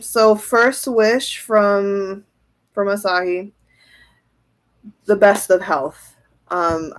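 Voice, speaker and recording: A chatty woman giving a relaxed tarot reading, talking through her thoughts as they come. She giggles often and answers comments from viewers as she goes. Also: medium pitch. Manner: chatty, giggly, thinks aloud. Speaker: tarot reader. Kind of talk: casual tarot reading livestream.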